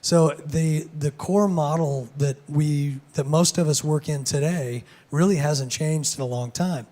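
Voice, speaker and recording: A man with a hoarse, gravelly voice giving a casual keynote talk on a conference stage, with many fillers and restarts. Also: fairly high pitch, measured pace, mellow. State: hoarse, lost voice. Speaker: conference speaker.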